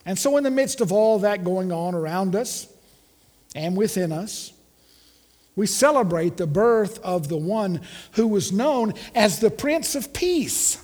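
High-voiced pastor preaching in a reverberant church. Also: male voice, animated, a little slow, darkish tone. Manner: rhetorical questions, leads congregation call-and-response. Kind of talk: Christmas sermon. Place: church sanctuary.

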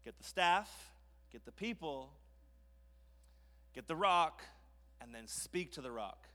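A preacher voicing a matter-of-fact God. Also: male voice, fairly high pitch, animated, slow, sharp tone, in a large hall, full character voice. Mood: instructing. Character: God giving calm, plain instructions, male.

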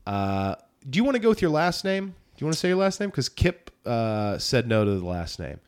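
A man's voice: medium pitch, sing-song, a little fast, smooth. Stuffy-nosed man hosting a podcast. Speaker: podcast host. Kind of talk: casual podcast chat.

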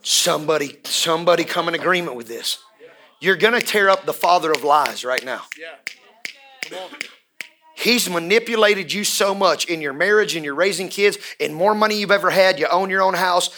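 A man preaching a sermon as pastor, swinging from hushed near-whispers to shouted refrains and urging the congregation to respond. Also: high voice, animated, normal speed.

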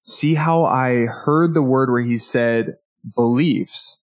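A man coaching on networking in a casual spoken lesson, acting out quoted people with brisk shifts in pitch.

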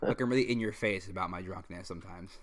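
A man's voice: low-pitched, racing. A young man hosting a podcast, telling a long story in casual chat, rambling with many fillers, swearing and laughing as he goes. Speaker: podcast host.

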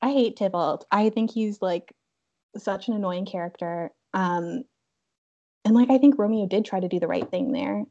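A woman's voice: medium pitch, big pitch swings, normal speed, mellow. A young woman co-hosting a podcast in casual chat, giggly and full of "like" fillers. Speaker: podcast co-host. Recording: dull lo-fi sound.

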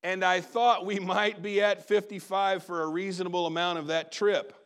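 A middle-aged man, a pastor, telling a personal story in a sermon, animated and then dropping to quiet asides. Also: high-pitched, normal speed, smooth.

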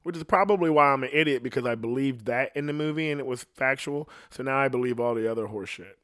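A middle-aged man holds forth in a loose, profane rant, rambling from one story to the next. His voice sits at an ordinary middle pitch, and he drops into quick quoted voices as he tells it. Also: fairly bright tone. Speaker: podcast host.

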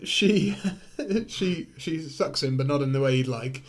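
A man's voice: a little high, lively intonation, a little slow. A man co-hosting a casual film review chat, rambling, laughing often and swearing freely.

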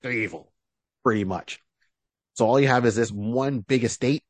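A man's voice: medium pitch, moderate pace, no echo. A man co-hosts a podcast, retelling a story at length in a loose, filler-heavy way. His voice sits in a middle range. The sound is dry and close. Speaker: podcast co-host. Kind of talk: casual chat.

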